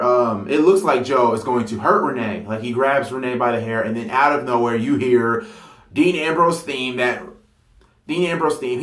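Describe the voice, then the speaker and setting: A man talking casually and excitably about a wrestling storyline, rambling with fillers and stopping to correct himself. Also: medium pitch. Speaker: wrestling fantasy-booking vlogger. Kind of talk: casual unscripted monologue. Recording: roomy echo.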